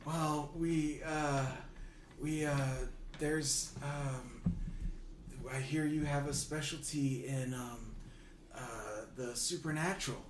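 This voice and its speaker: Nervous, halting frog man, voiced by a man, slow, roomy distant noisy take. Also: a little high, steady tone. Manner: hesitant, halting, full of ums.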